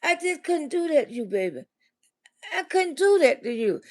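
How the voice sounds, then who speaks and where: Woman doing a soft, begging sheepish boyfriend. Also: high voice, sing-song, normal speed. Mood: pleading. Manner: soft, begging, repeats "baby". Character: pleading sheepish adult boyfriend.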